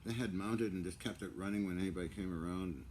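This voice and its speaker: A man's voice: low-pitched, quick pace, a little mellow, slight background noise. Rambling, joking man vlogging. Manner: joking, rambling, often laughs. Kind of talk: casual rambling monologue.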